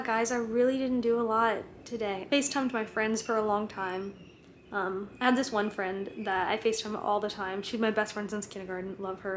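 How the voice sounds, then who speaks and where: There's slight background noise behind this fairly high-pitched woman. She's a student in her twenties chatting to camera at home in the kitchen and bedroom, giggly and chatty, her speech packed with "like" and little laughs.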